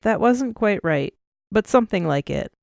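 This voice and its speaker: A woman narrating an audiobook in an even, measured storytelling manner. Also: medium pitch, creaky, no room sound, clean studio sound. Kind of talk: scripted narration.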